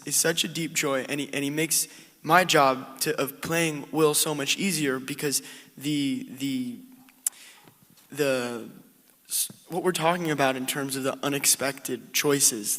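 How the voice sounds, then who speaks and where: A man's voice: medium pitch, bright, forceful tone, big-room sound. A man answering at a film Q&A, earnest and searching for words, with many restarts. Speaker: actor at film Q&A. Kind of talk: panel Q&A answer.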